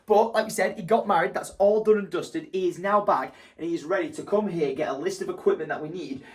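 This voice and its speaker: A man, chatting casually to camera in a jokey vlog. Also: fast talker. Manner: chatty and jokey, lively swings in pitch. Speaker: vlogger.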